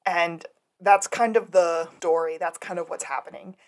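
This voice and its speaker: A woman with a somewhat low voice co-hosts a casual podcast. She retells TV episode scenes in a relaxed, wry manner. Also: normal speed. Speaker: podcast co-host. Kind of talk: casual recap chat.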